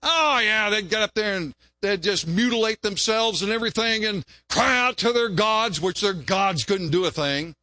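Male preacher, high and bright, earnest, dry close sound. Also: normal speed, few pauses, no echo. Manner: earnest, repeats phrases, rises when quoting prayers. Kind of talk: sermon.

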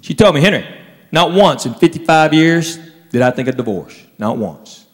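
Expressive and moderately paced, a man with a fairly high voice performs stand-up comedy, mimicking relatives while telling stories that end in punchlines. He's on a comedy club stage before an audience, recorded live in a reverberant room.

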